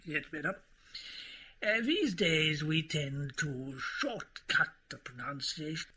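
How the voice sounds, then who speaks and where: A man's voice: on the high side, animated, takes it slowly, pushed and bright, husky, heavily acted. An actor playing a rambling, flustered male quiz panellist in a radio comedy.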